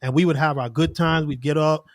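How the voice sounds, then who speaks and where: A man's voice: fairly high pitch, fairly even intonation, fairly quick, no echo. A man, a podcast guest telling stories in earnest, casual conversation. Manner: earnest storytelling with lots of "like" and quoted asides.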